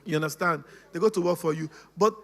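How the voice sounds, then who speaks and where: High-voiced animated man. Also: fast talker, crowd noise. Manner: animated, laughing, acts out quoted voices, keeps asking "you understand?". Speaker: speaker on personality types. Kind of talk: casual teaching talk.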